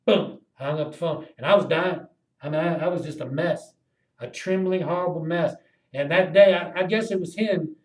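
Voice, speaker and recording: A man delivering a rambling, impassioned monologue to camera, cursing freely and swinging between loud outbursts and low muttering. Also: reverberant, poor audio. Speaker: video blogger.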